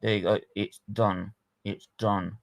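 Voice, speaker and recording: A man's voice: fairly low pitch, measured pace, creaky. Laughing, swearing London man. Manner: laughing, swearing, animated storytelling. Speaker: stream host. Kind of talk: casual live watchalong chat.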